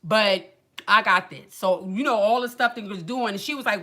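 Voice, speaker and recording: Bright-voiced woman venting in casual chat. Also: medium pitch, normal speed. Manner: animated, colloquial storytelling with acted quotes and sighs. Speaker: livestream host.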